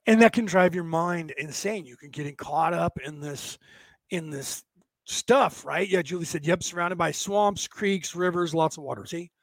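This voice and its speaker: A man's voice: fairly high pitch, normal speed, dry recording. A man from California chatting casually to viewers in a folksy, rambling way, often tagging his sentences with "right?". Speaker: livestream host reading chat.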